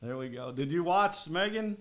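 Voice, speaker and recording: A man from Minnesota hosts a podcast quiz in casual, rambling chat. His voice sits a touch high, and he laughs easily as he talks. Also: animated, moderate pace. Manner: chatty and rambling, with frequent laughs. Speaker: podcast host and quiz master.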